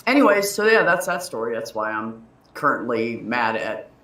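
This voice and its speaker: A woman's voice: extremely low pitch, lively intonation, normal speed, bright, forceful tone, distant mic. A woman in her thirties hosting a casual livestream chat, telling a story in a profane, heated way. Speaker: livestream host. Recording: roomy echo.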